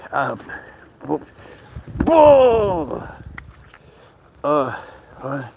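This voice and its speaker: A man's voice: fairly high pitch, expressive, a little slow, slight background noise. A young man from Spain, outdoors, coaxing and cheering on his cat in a playful way. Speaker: pet owner filming his cat. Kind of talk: casual talk to a pet.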